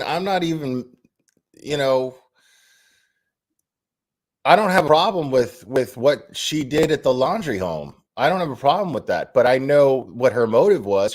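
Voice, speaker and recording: A man hosting his own commentary channel voices strong opinions. His pitch swings animatedly as he talks in a loose, conversational way. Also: normal speed. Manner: animated and opinionated, with frequent restarts. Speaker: channel host. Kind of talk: casual commentary vlog.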